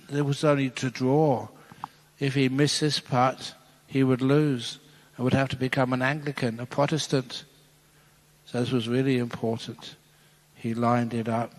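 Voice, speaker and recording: A man, a Buddhist monk, giving a playful dharma talk, telling jokes with frequent chuckles. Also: medium pitch. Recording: long hall reverb.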